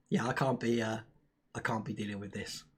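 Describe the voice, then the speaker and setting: A husky man in his younger years chats loosely on a live stream, breaking into laughs and reading viewers' comments aloud. His talk rambles with a relaxed, homely feel. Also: mid-range voice. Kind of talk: casual live-stream chat.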